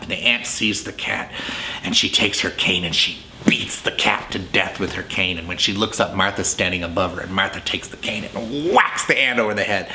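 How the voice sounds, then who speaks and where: A man's voice: deep voice, sharp tone, a little hiss or hum. Chatty man retelling an old film. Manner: chatty storyteller who acts out the scenes. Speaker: film reviewer. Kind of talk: casual film review.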